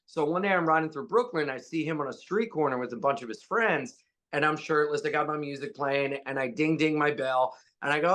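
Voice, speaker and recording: A man being interviewed as a stand-up comedian, telling stories and jokes casually and jumping into high voices when he quotes people. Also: normal speed, fairly bright tone.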